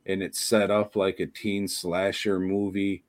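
A man with a lowish voice rambles through a horror podcast chat, laughing and swearing as he goes. He speaks slowly and takes his time. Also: flat delivery. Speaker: podcast co-host. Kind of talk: casual chat.

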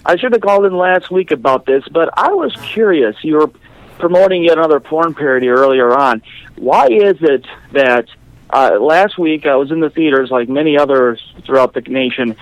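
A man's voice: fairly high pitch, lively intonation, normal speed, dry recording, rough recording. Chatty male caller, dry sound. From Minnesota. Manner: chatty, curious, wordy. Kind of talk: call-in question.

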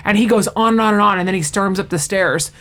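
Woman, casual chat, animated storyteller, acts out quotes, laughs a lot. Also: mid-range voice, fast. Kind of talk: casual chat recapping a sitcom.

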